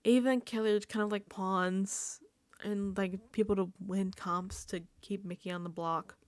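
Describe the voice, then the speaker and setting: A woman's voice: medium pitch, fairly even intonation, moderate pace, no room sound. A woman vlogger giving a casual reality TV recap, laughing often and dropping into whispered asides. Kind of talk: casual recap and reaction commentary.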